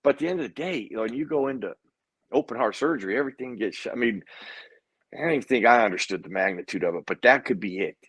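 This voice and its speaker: A man's voice: mid-range voice, fast, slightly rough, no room sound. A man, a guest in a casual interview, telling a personal story and acting out what other people said. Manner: animated storyteller who acts out other people's lines.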